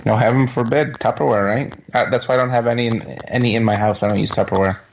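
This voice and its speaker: A Canadian man speaks as a guest on a radio chat show, mid-pitched and matter-of-fact, with a dry, joking edge. A faint noise sits behind his voice. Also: steady tone, fast talker, rough recording. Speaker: guest paranormal investigator.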